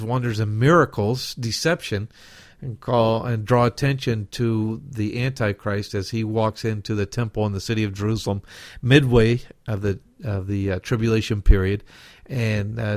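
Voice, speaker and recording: A man's voice: fairly low pitch, no echo, clean studio sound. A man with a Southern US accent, hosting an unscripted Bible prophecy Q&A podcast and answering listener questions, meandering and circling back to restate passages.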